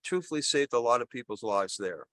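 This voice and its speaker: A man's voice: medium pitch, animated, fairly quick, a bit bright, no echo, natural voice. An older man voicing a talking male dog who earnestly lists his heroic deeds in a joke told during a sermon. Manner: earnest, matter-of-fact bragging.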